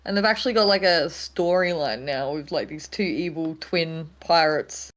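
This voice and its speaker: A woman's voice: deep voice, moderate pace, a bit bright, low-quality recording. A woman co-hosting a podcast, chatting in a laid-back way and hedging with "like". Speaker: podcast co-host. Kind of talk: casual chat.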